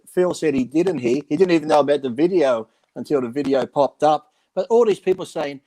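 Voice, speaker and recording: Brash storytelling man, higher voice. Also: a little fast, few pauses, dark tone. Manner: rambling, acts out quotes, swears freely. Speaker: podcast co-host, former bodybuilder. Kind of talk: casual chat, storytelling.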